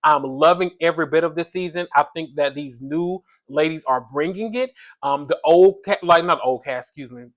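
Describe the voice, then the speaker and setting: A man's voice: on the high side, moderate pace, hardly any pauses. A man hosting a casual reality TV recap, chatty and gossipy, talking straight to his viewers.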